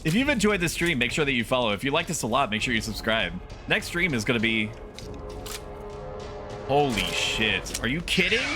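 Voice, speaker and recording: A young man streaming a horror shooter, chatting casually and breaking into loud, disbelieving yelps. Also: mid-range voice, big pitch swings, normal speed, over music. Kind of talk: casual game stream commentary.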